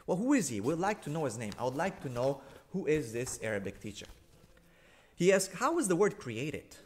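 A man's voice: sing-song, fairly quick, slight background noise. Sarcastic, emphatic man lecturing. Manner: repeats points for emphasis with big swings in pitch and loudness. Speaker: religious commentator rebutting a video. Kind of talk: argumentative monologue.

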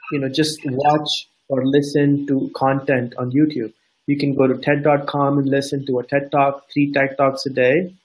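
Pakistani-accented male co-host, mid pitch, earnest and direct, casual live advice. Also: a little mellow, rough recording.

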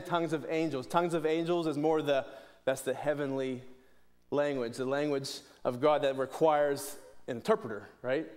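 A man's voice: fairly high pitch, darkish tone. A man from preaching a sermon in church, earnest, often restarting and repeating words. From Pittsburgh, USA.

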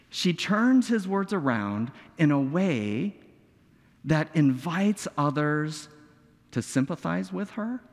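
A man preaching a sermon in a church sanctuary, with a lively voice that swings up and down. He talks slowly, using rhetorical questions and dramatic pauses. His voice rings with long reverb through the hall. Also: on the high side. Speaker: pastor.

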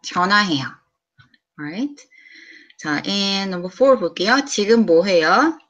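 Korean-accented woman teacher, mixes english and korean, says words slow and clear, bit dull lo-fi sound. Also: medium pitch, a bit bright. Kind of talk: casual language lesson.

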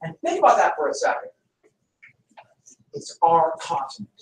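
A man's voice: fairly high pitch, sing-song, moderate pace, slight background noise. A man teaching a history class, lecturing emphatically and firing rhetorical questions at the students. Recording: echoey room, from far off.

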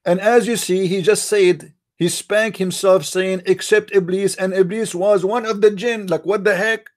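His voice is high, steady in tone, and a little slow. Hosting a live-streamed religious debate, he mocks and argues, pelting viewers with rhetorical questions in non-native English grammar.

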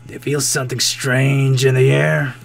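A man putting on a deep, drawn-out narrator voice that reads a visual novel with mock-ominous gravity. Each line comes in slow and low, like a storybook read for effect. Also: level tone, vocal fry, natural voice. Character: deep, mock-dramatic male game narrator.

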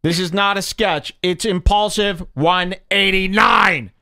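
A man's voice: high voice, fairly even intonation, unhurried, bright, forceful tone. A man hosting a podcast, delivering a rambling, mock-serious comedic monologue with sarcastic, theatrical swings in his voice. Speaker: podcast host.

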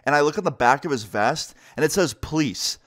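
A man telling a casual story-time vlog in an animated, slangy way, swearing freely. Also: fairly high pitch, brisk. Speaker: storyteller vlogger.

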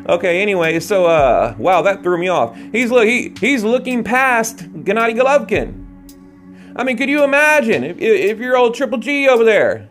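Male boxing vlogger, high voice, rambling late-night rant with restarts. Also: animated, moderate pace, a bit bright, faint music behind. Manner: rambling, rants with frequent restarts. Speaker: boxing channel host. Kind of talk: casual ranting commentary. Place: late-night home recording.

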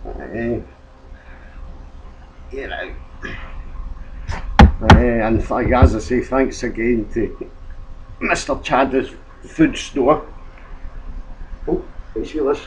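British man, comic vlog host, hesitant and rambling, slow pace, faint background hiss. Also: medium pitch. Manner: rambling, hesitant, self-amused. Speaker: comedy vlogger. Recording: dull lo-fi home recording, faint noise.

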